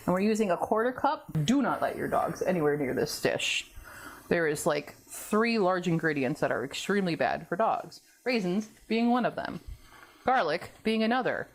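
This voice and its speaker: A woman's voice: on the low side, expressive, moderate pace. A woman hosting a casual cooking vlog from her home kitchen. She rambles and laughs a lot, and talks to herself as she works. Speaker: cooking video host.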